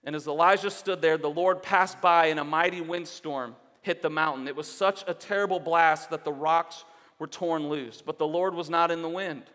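Earnest higher-voiced male pastor preaching. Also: fairly even intonation, moderate pace, a bit bright, big-room sound. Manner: earnest, exhorting, repeating phrases for emphasis. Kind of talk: sermon. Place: church sanctuary.

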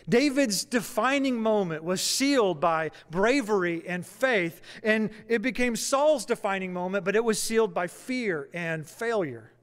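A male preacher delivers a sermon as earnest storytelling and circles back on phrases to drive them home. His voice sits high for a man. Every line trails off into the long reverb of a church sanctuary.

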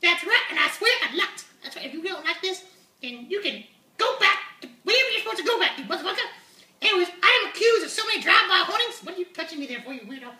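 A man's voice: very high-pitched, very animated, quick pace, pushed and bright, pitched above the performer's own voice, heavily acted. A man voicing a brash, foul-mouthed male unicorn puppet who swaggers and swears constantly. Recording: echoey room.

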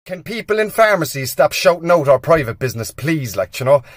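Cheeky young Cork comedian, fairly high voice. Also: male voice, big pitch swings, no room sound, studio quality. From Ireland. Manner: quick, cheeky storytelling. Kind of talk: stand-up sketch monologue.

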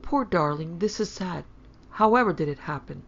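A woman voicing an anxious, proper mother who fusses and gently scolds in a storybook reading. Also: lowish voice, expressive, normal speed, lo-fi sound. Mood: worried.

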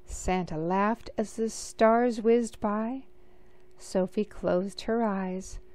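Slow, expressive woman reading aloud. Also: medium pitch. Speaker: storybook reader. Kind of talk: reading a picture book aloud.

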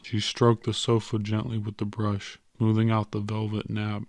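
Low, flat-voiced male narrator. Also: moderate pace, hardly any pauses, no echo. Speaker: audiobook narrator. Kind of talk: scripted narration.

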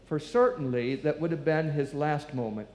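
A man's voice: a little high, moderate pace, darkish tone, a little hiss or hum. Man preaching in an echoey church. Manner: storytelling, acts out quoted voices. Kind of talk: sermon with children's story.

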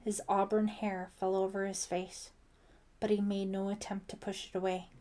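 A woman narrating a thriller audiobook in steady, scripted storytelling. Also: medium pitch. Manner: slow, even storytelling.

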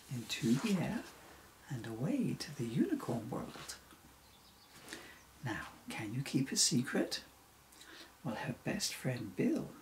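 A man reading a rhyming children's story aloud, unhurried and sing-song. His voice has a gravelly grain and swings widely up and down as he tells it. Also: mid-range voice, darkish tone, slight background noise, poor audio.

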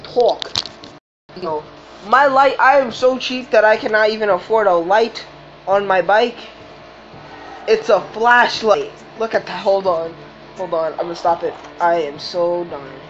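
A woman doing game commentary, swearing often and reacting loudly to the race. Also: medium pitch, measured pace. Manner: profane, excitable, swearing at the game. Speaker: gamer. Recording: dull lo-fi recording with game music.

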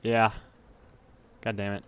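A smooth, resonant male voice chatting casually through a co-op game session, easily startled and quick to blurt out loud exclamations. It comes through a dull, lo-fi home mic. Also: on the low side, monotone. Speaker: let's play host. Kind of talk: casual gaming chat.

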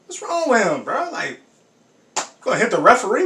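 A man hosting a sports reaction video, talking in casual slang, laughing often and breaking into loud exclamations. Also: high voice, wildly swooping pitch, moderate pace. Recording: echoey room, mic at a distance, faint background hiss.

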